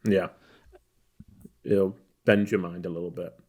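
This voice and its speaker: Texas guy on a movie podcast, kinda low voice, lots of ums and likes, rambles. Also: little pitch movement, measured pace, a little mellow. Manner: rambling, many fillers and restarts. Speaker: podcast co-host. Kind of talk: casual film chat.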